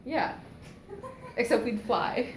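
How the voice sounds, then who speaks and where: Playful, lively woman in an echoey room. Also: a little high, drawn-out words, slight background noise. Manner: playful, teasing, laughs a lot. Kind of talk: casual chat. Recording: echoey room with faint ambience.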